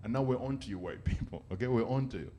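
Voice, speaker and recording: A man from Africa performing stand-up comedy, animated and acting out the people he describes. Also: mid-range voice, fast talker, slight background noise.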